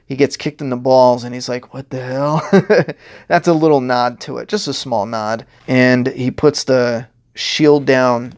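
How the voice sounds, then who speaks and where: A man's voice: mid-range voice, fairly even intonation, measured pace, clean tone. A man talking casually as a comic writer, walking through his pages in a rambling way, often laughing and acting out characters' lines. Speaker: comic writer giving commentary.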